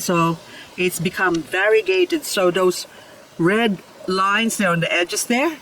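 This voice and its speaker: A woman's voice: on the low side, slight background noise, poor audio. Chatty woman showing off her plants. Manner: chatty, points things out plant by plant, laughs easily. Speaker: succulent grower, channel host. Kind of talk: casual show-and-tell vlog. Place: outdoors in a garden.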